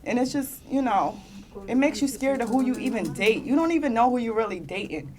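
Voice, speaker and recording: A woman's voice: fairly high pitch, lively intonation, a little fast, a crowd in the background. A young woman on a conference panel giving emotional personal testimony, earnest and close to tears, with rueful laughs. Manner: earnest and heartfelt, often near tears, with bursts of rueful laughter. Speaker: panelist sharing her own story. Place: conference panel in a meeting room.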